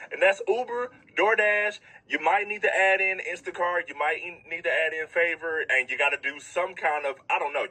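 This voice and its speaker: A man ranting in a loose, profane, exasperated way. His voice is bright with a husky edge, and he swears freely as he lists his bills. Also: fairly high pitch, rough recording. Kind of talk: casual rant.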